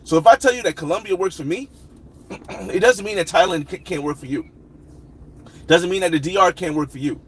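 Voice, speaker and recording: A man hosting a casual livestream, reading viewer comments and rambling through his thoughts with loud shout-outs. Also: high-pitched, a little fast, pauses often, slightly rough, poor audio. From United States. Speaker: livestream host.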